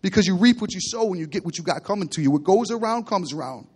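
A man delivers a sermon, retelling the story with lively, animated delivery. His voice sits a touch high for a man, and he swings between hushed asides and loud bursts. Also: fast talker, a little hiss or hum. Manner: animated storytelling preacher, acting out characters with big swings in loudness. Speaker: pastor.

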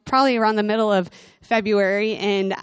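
A woman in her thirties giving a sermon, earnest and personal, telling stories and slowing down for emphasis. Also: mid-range voice, fairly even intonation, smooth, dry recording. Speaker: speaker at a church service.

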